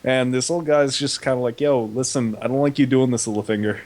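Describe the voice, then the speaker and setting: A man's voice: medium pitch, fairly even intonation, fairly quick, a little mellow. Young man doing a goofy recap. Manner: goofy paraphrasing with slangy quoted voices. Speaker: co-host recapping an episode. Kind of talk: casual comedic recap.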